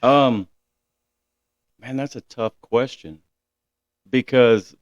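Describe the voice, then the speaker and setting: A man's voice: medium pitch, steady tone, drawn-out words, no room sound, dull audio. A man guesting on a podcast, laid-back and slangy, often calling people dude. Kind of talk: casual podcast chat.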